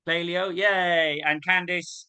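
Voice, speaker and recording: A man hosting a sing-along over a video call, chatty and poking fun at himself as he greets people. His voice is very bright and smooth, set a little high, with a dry close sound. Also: fairly even intonation, slow pace, no room sound. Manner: chatty and self-mocking. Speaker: host. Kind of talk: casual welcome and roll call.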